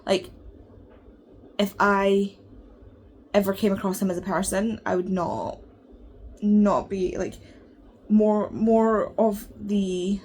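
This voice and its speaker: A woman's voice: mid-range voice, a little hiss or hum. A woman talking about books in a casual, rambling vlog with lots of fillers. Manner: chatty, animated, rambling with fillers. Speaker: book vlogger. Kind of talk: casual reading vlog chat.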